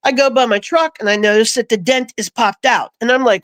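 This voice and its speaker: A woman recounting a personal story in a casual, animated way, acting out the voices she quotes. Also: sits high, a little fast, hardly any pauses, dry recording. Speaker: guest.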